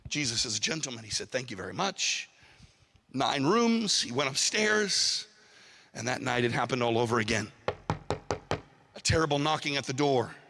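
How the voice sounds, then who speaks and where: A man preaching a sermon, telling a story with animated delivery and calling on his audience to respond. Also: mid-range voice, moderate pace. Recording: long hall reverb.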